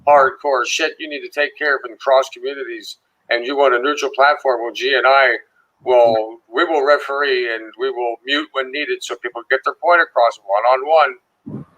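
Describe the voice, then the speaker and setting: A man's voice: mid-range voice, moderate pace, sharp tone, dull audio. A man co-hosting a casual livestream, loose and profane, greeting viewers by name. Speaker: livestream co-host.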